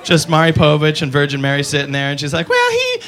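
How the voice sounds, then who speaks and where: A man doing an animated stand-up routine, putting on silly voices for his characters. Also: a little high, quick pace. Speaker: stand-up comedian.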